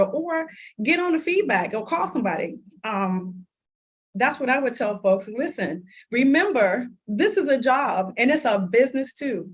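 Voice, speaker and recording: A woman in her thirties, an interview guest, telling a personal story in lively conversation, laughing often and acting out what people said. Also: high-pitched, moderate pace, breathy edge. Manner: animated, laughs often, acts out quoted dialogue.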